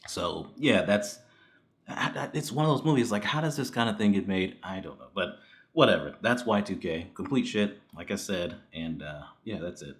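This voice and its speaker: A man's voice: deep voice, animated, moderate pace. A man giving a casual spoken movie review, blunt and profane, ranting in exasperation with frequent laughs.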